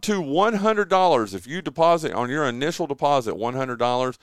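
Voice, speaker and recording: A man's voice: medium pitch, animated, fairly quick, hardly any pauses, no echo, studio quality. A man hosting a local sports radio show, chatting casually and rambling through sponsor reads with lots of fillers. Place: radio studio. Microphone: close studio mic.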